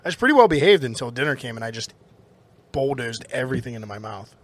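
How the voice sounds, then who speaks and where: A man's voice: medium pitch, very animated, fast talker, a little hiss or hum. A man co-hosting a podcast in casual, amused banter. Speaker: podcast co-host. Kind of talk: casual chat.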